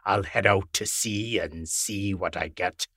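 A man reading aloud and voicing a calm, reassuring fisherman captain in rhyming verse. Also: slightly rough, dry recording, studio quality, full character voice. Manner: low, reassuring, slow.

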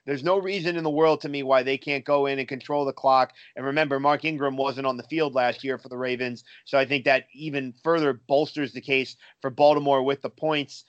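A man in a mid-range voice gives his football pick on a sports betting show, measured and filler-prone. The sound is dry and a little dull, close on the mic. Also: medium pitch, fairly even intonation, no echo. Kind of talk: casual sports betting talk.

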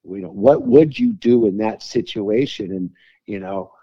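A man's voice: on the low side, huge pitch swings, a little slow, breathy edge, no room sound. A man hosting a casual chat, laid-back, with surfer slang and short reactions. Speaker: podcast host. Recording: dull lo-fi sound.

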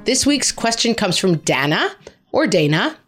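A middle-aged woman hosting a parenting podcast, giving reassuring advice in a chatty, wry way with quick asides. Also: mid-range voice, big pitch swings, a bit bright, soft background music. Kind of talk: casual advice podcast talk.

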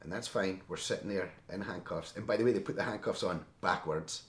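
A middle-aged man, a former Marine and podcast guest, tells a tense story in a lively conversational way, often checking in with "right?". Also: low voice, brisk. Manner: animated, seeks agreement with frequent "right?". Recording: roomy echo.

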